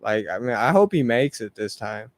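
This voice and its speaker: A man chatting casually on a live stream, relaxed, with a few hesitant restarts. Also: mid-range voice, moderate pace, no room sound. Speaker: podcast co-host.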